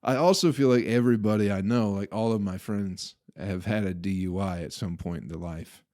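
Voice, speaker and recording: A man's voice: fairly low pitch, fairly quick. A young man hosting a podcast, casually telling a profane, laughing story about a party. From Flint, Michigan. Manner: profane, laughing, animated retelling. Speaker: podcast host.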